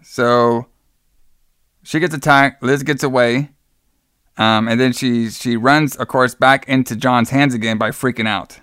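A man's voice: mid-range voice, steady tone, unhurried, a bit bright, smooth, dry recording, clean studio sound. A man co-hosting a casual podcast, recapping a horror movie in a rambling, profane way full of fillers.

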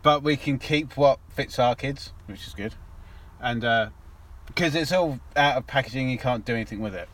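A man's voice: medium pitch, normal speed, fairly bright tone. A man co-hosting a podcast in casual chat, rambling with restarts and swearing. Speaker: podcast co-host.

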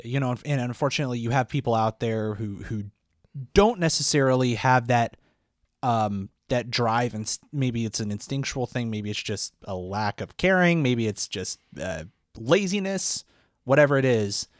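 A young man hosting a casual podcast, mid-pitched and relaxed. He gets animated when he tells stories and laughs easily. The sound is dry and close, with no room around it. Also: normal speed, dry recording. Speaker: podcast host. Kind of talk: casual conversational interview.

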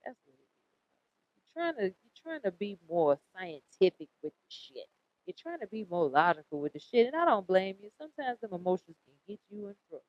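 A woman in her late thirties hosting a podcast, giving a casual tarot reading in a blunt, profane and animated way, often repeating herself. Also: medium pitch, a little fast, dry recording. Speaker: podcast host. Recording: dull lo-fi recording.

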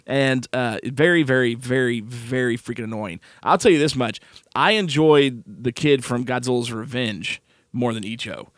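A man co-hosting a podcast, casually reviewing a film in an animated, exasperated way, laughing often. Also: medium pitch, normal speed, no room sound, clean studio sound. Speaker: podcast co-host.

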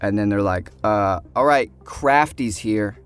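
A man's voice: fairly low pitch, a little slow, clean tone. A young man casually telling a story about a film shoot, acting out other people's lines.

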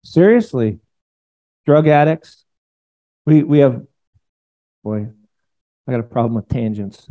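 A male pastor preaching a sermon in an animated, conversational way, acting out quotes as he goes. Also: mid-range voice, takes it slowly, pauses often, muffled recording.

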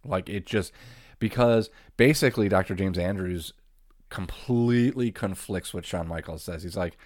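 A man's voice: low-pitched, normal speed, dry recording, clean studio sound. A man co-hosting a casual talk show, recapping events in a rambling way with frequent laughs and casual swearing. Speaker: podcast co-host.

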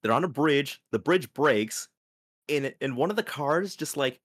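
A man's voice: medium pitch, lively intonation, a little slow, a bit bright, no echo, clean studio sound. A man hosts a casual podcast, chatting about anime. He rambles through his points with plenty of "like" and "uh.". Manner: rambling, filler-heavy, laughs often. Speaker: podcast host. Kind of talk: casual anime review chat.

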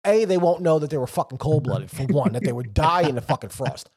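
A man's voice: on the high side, brisk, slightly rough. A man co-hosting a podcast in casual chat, rambling and swearing a lot. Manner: profane, rambling, animated storytelling. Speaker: podcast co-host.

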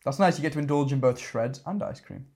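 A man co-hosting a casual chat, teasing his friend with quick wisecracks and short replies. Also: mid-range voice, a little mellow.

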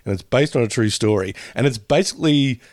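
A man's voice: medium pitch, a little mellow, no room sound. Chatty man on a dry mic. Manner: rambling, laughs often, drifts into quick impressions. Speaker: podcast co-host. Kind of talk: casual chat.

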